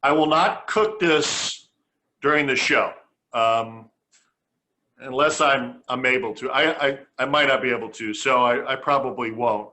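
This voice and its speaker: Bright-voiced chatty cooking show man. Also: medium pitch, a little slow. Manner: chatty, homespun, stops and restarts phrases. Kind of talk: casual cooking demonstration.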